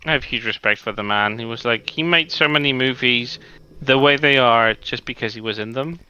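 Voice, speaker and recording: A man's voice: medium pitch, moderate pace, sharp tone, smooth, highs cut off. A man chatting casually while gaming, grumbling and restarting his words. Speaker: co-host gaming on stream.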